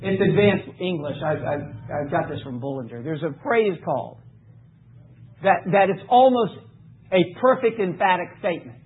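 A man preaching a sermon, reading scripture emphatically and dropping low for asides. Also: animated, normal speed, breathy edge. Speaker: pastor. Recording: tinny phone-like recording.

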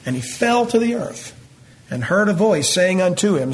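A man's voice: sits high, sing-song, normal speed. A middle-aged man, teaching a Bible passage verse by verse in a folksy, conversational way and talking directly to his congregation. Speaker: pastor.

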